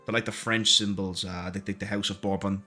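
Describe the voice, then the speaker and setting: A man's voice: lowish voice, level tone, brisk, pushed and bright, soft background music. A man narrating as game master, describing a character with many fillers and hesitations.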